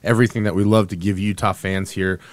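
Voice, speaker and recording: A man co-hosting a sports podcast over a remote setup, talking casually in a joking, facetious, animated way. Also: low voice, fast, no room sound. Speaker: podcast co-host. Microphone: remote call setup.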